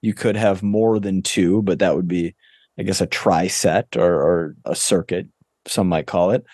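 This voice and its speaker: A man's voice: low-pitched, fairly even intonation, a little slow, a little mellow, no echo. A young man co-hosting a fitness podcast, methodically explaining training in a dry, matter-of-fact way. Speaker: podcast co-host. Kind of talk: casual explaining.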